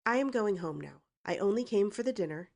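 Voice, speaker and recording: Storybook role: a defiant young woman with a sharp tongue, read by a woman narrator. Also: medium pitch, expressive, brisk, gravelly, voice pushed up. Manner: brazen, cutting retorts.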